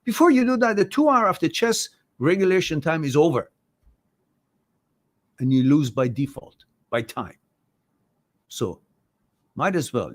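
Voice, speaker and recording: A man hosting an advice show, answering viewer questions about relationships in a blunt, direct way, swearing casually and swinging between soft and loud. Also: a little high.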